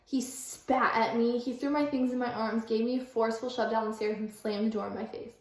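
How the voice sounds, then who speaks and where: A woman's voice: on the high side, steady tone, brisk. A young woman vlogger, giggly and full of fillers, casually reading aloud and retelling a story. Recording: echoey room.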